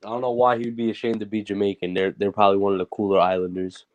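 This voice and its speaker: A man's voice: lowish voice, little pitch movement, very fast, lo-fi sound. A man with an East Coast US accent chatting casually on a podcast, slangy and laid-back.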